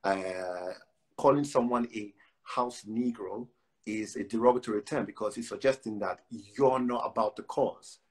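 A man's voice: lowish voice, normal speed, a little mellow. A man, a poet, chatting loosely with many fillers and then reciting spoken word verse with rhythmic emphasis over a phone live stream. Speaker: guest poet. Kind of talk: casual chat and spoken word poetry reading. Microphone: phone on a live video stream.

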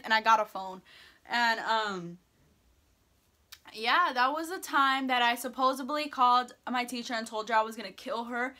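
A teenage girl telling a story-time vlog, animated, quoting herself and others and swearing casually. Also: a little high. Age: teens. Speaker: vlogger. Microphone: phone or camera mic.

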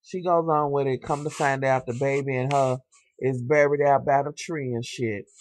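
A man's voice: mid-range voice, normal speed. A young man, animatedly recapping a TV episode in casual slang, swearing freely and talking straight to his viewers. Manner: animated, sassy storytelling with slang and asides to viewers. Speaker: TV show reviewer.

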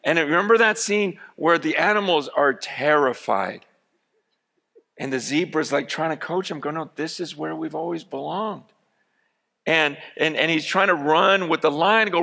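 A man preaching a sermon, telling a story with lively energy that rises to shouts. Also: on the high side, normal speed, vocal fry. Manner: storytelling, animated, rising to shouts. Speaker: pastor.

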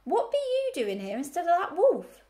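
A woman croaking as a hoarse old ewe. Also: extremely high pitch, wildly swooping pitch, normal speed, warm tone, voice pushed up, full character voice. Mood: gruff. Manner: rustic country dialect, gruff.

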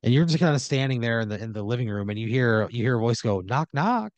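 A man's voice: medium pitch, dry recording. Guy riffing an improv story on a podcast, lots of likes and uhs, dry close mic. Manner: halting, full of fillers and restarts, doing quick voices for characters. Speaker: podcast host telling an improvised scenario.

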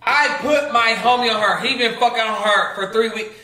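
A man delivering a heated, profane rant to camera, swinging to low mutters. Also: normal speed, few pauses, sharp tone. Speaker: vlogger in clip. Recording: echoey room, distant mic.

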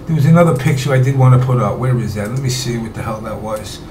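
A man's voice: mid-range voice, quick pace, a little mellow. A man hosting a casual streamed talk show, rambling and swearing offhandedly. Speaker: show host. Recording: roomy with background noise.

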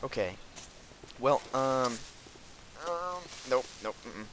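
A young man hosting a gameplay video, excitedly commenting on his own play, talking to his enemies and breaking into outbursts and laughs. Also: mid-range voice, normal speed, pauses often, slight background noise, low-quality recording. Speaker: gaming video host.

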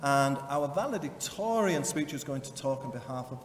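A man's voice: mid-range voice, animated, a little fast. A man hosting a graduation ceremony, announcing the next speaker. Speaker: ceremony host. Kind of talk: formal announcing. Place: large ceremony hall. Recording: echoey hall, distant mic, crowd noise.

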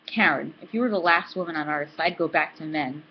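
A woman's voice: deep voice, a little fast, a little hiss or hum. A woman reading aloud as a brash young college woman who talks bluntly and swears freely, on a dull, lo-fi recording. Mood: taunting. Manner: blunt and profane.

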